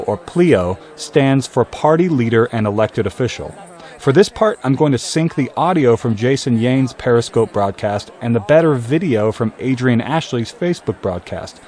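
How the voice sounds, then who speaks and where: A man giving a scripted voice-over commentary, explaining events in a measured way. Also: mid-range voice, a little mellow, slight background noise. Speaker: video commentator.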